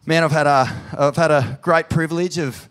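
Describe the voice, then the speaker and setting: Aussie bloke hosting a live pod in a pub, kinda high voice, swears heaps, gets emotional. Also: male voice, steady tone, normal speed. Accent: Australian. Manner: sweary, emotional, loud on the hype lines. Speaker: podcast host. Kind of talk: live podcast hosting on stage. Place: pub venue with live audience.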